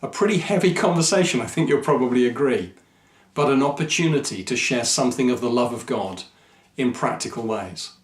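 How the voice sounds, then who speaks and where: A man, a Christian mission speaker, telling a personal story to camera in an earnest, measured, reflective way. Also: medium pitch, expressive. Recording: echoey room.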